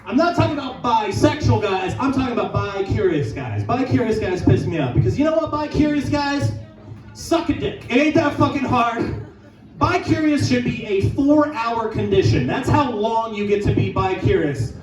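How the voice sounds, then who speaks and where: High-voiced brash comedian in an echoey bar. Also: male voice, animated, recorded from a distance, music in the background. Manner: brash, crude, fast riffing with shouted punchlines. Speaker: stand-up comedian. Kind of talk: stand-up set. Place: bar lounge stage.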